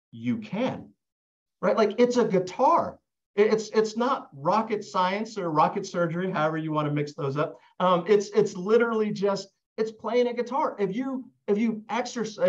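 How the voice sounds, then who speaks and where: Male sales coach on a video call, casual delivery, keeps checking in with the group, slightly muffled audio. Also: high voice. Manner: conversational, keeps asking "right?", repeats words when restarting. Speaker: real estate sales trainer. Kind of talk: live online coaching session.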